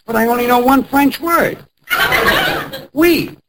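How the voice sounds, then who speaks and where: Gravelly deadpan comic man. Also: very high voice, slow pace. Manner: dry, deadpan straight man. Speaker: comedy co-host. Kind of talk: 1940s radio acting. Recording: hissy old radio broadcast.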